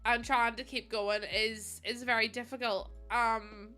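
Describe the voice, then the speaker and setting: A young woman streaming to her chat, talking casually while in pain after surgery, apologetic and emotional, pausing to breathe through it. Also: a little high, little pitch movement, pushed and bright, faint music behind. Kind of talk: casual chat to a livestream audience.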